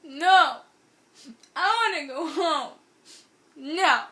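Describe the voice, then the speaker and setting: A woman voicing a drunk, stubborn young woman who loudly and childishly insists on getting her way. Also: steady tone, a little fast, natural voice. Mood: shouting. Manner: loud, high-pitched, childish insistence.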